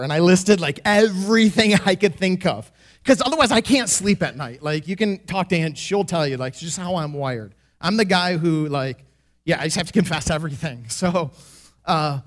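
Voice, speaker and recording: High-voiced man telling a personal testimony. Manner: animated, self-deprecating, laughs often. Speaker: church member giving a testimony. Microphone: microphone.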